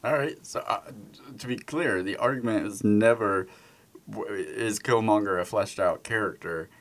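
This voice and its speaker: Podcast co-host, male, lowish voice, measured and clarifying. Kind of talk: casual podcast debate.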